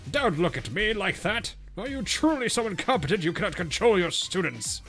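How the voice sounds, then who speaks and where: A man voicing a pompous male monk cult leader in a rich, deep put-on voice, reading game dialogue aloud with a haughty, theatrical villain manner. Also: sing-song, normal speed, a bit bright, faint music behind, exaggerated voice.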